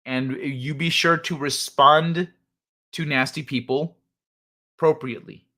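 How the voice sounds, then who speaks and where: A man's voice: on the high side, fairly even intonation, unhurried, pushed and bright. A man hosting a casual late-night livestream, laid-back and chuckling as he reads the chat aloud. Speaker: livestream host.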